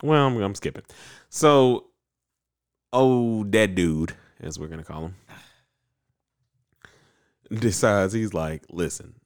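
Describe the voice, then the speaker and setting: A man casually recapping an anime episode, animated and acting out the characters in quick voices. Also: fairly low pitch. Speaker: podcast co-host recapping an anime. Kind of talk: casual chat.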